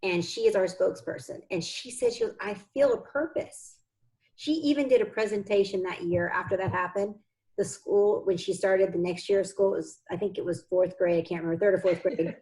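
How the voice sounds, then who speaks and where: A woman's voice: mid-range voice, steady tone, fairly quick, mellow, rough recording. Woman, interview guest, adoptive mother, heartfelt, earnest, conversational storytelling, mid-range voice. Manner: heartfelt and earnest, close to tears.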